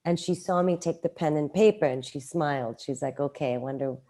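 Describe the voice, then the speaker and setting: A middle-aged woman telling a personal story in a casual interview, animated and acting out quoted lines. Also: brisk. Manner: animated, acts out quoted lines with raised pitch. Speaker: guest.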